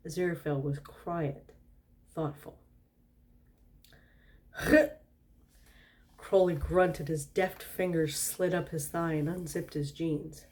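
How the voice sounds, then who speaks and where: A woman's voice: low voice, steady tone, slow, long pauses, a little mellow. A tipsy woman doing a storytime reading, giggling and breaking off with asides and laughter.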